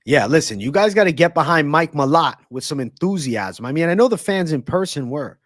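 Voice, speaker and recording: A man's voice: a little high, animated, fairly quick, a bit bright, dry recording, studio quality. A young man hosting a live stream, reading chat and breaking down fights in brash, profane banter. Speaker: livestream host and fight analyst.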